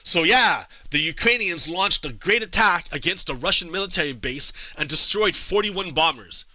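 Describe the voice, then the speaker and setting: A male streamer giving casual political commentary to his live chat, halting with frequent repeats and restarts. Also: sits high, lively intonation, pushed and bright, dry recording, poor audio.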